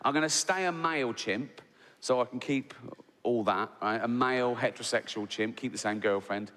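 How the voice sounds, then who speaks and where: A man's voice: mid-range voice, moderate pace. Cheeky stand-up man. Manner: rambling, self-interrupting, cheeky. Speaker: stand-up comedian. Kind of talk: stand-up comedy routine. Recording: live theatre stage, big hall, loud background.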